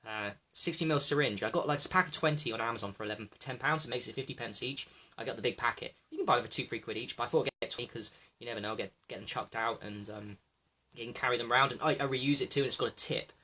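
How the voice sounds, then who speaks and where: A man rattles through a rambling livestream monologue at a fast clip. His voice is bright and a little husky, and he swears freely and calls out to viewers by name. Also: medium pitch. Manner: excitable, profane, talking to viewers by name. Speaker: livestream host.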